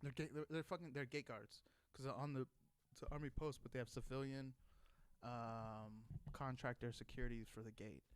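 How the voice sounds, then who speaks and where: A man's voice: medium pitch, fairly even intonation, moderate pace, clean tone. A young adult man telling a rambling, profane story in a casual way, with many restarts. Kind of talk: casual anecdote.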